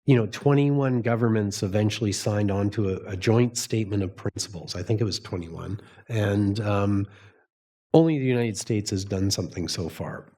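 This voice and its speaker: A man from Canada speaking as the author at a live book talk, hoarse and losing his voice, thoughtful and full of fillers. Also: lowish voice, normal speed, mellow.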